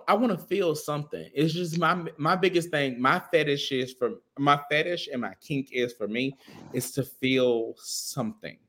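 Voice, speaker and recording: A man's voice: a little high, moderate pace, a bit bright. A man co-hosting a podcast in casual chat, talking bluntly and with lots of profanity. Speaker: podcast co-host.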